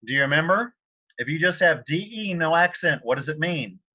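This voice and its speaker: A man teaching a Spanish class online, talking informally and often clearing his throat. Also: fairly high pitch, animated, a little fast, pushed and bright, dull audio.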